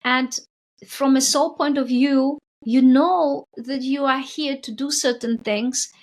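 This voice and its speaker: A woman's voice: high-pitched, steady tone, takes it slowly. A middle-aged woman, a spiritual coach who is a guest on a podcast, telling stories animatedly and often adding a questioning "right?". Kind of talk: podcast conversation.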